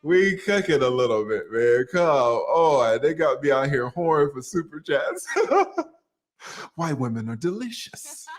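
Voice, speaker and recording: A man's voice: medium pitch, sing-song, measured pace. A man hosting a livestream, joking and laughing often as he reads viewer super chats aloud in casual chat.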